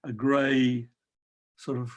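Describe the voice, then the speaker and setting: An older man reminiscing about his teaching days in a gentle, wry storytelling manner with frequent pauses. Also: mid-range voice, flat delivery. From New Zealand. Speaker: guest storyteller. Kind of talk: reminiscing anecdote.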